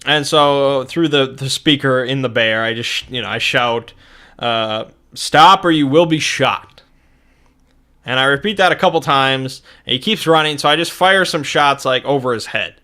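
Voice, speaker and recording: A man's voice: medium pitch, moderate pace, sharp tone, clear, resonant tone. A young man recounting a tabletop game session in a rambling way, with many fillers and restarts.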